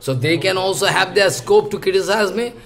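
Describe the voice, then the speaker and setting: A man with a high-pitched voice gives a scripture lecture. His delivery is halting and full of fillers, and he often restarts phrases as he searches for words. His tone stays earnest and explanatory. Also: fairly bright tone, soft background music. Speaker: spiritual teacher.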